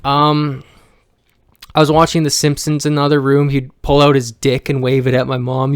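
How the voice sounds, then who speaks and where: A man's voice: mid-range voice, flat delivery, moderate pace, clean tone, dry recording, clean studio sound. A man venting emotionally to camera in a personal vlog rant, blunt and profane, rambling with restarts. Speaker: vlogger.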